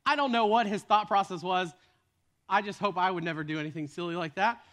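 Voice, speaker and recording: A man's voice: sits high, a little fast, fairly bright tone. A man preaching a sermon as a retold story, casual in tone with joking asides.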